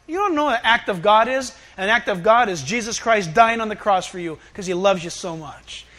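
Male pastor, high bright voice, lively sermon delivery with loud bursts and quiet asides. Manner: animated, acts out voices, swings from loud to hushed.

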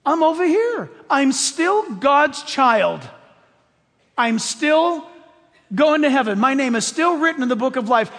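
High-voiced preacher in an echoing hall. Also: male voice, unhurried. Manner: animated, swings from loud to hushed. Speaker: pastor. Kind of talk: sermon. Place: church. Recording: long hall reverb.

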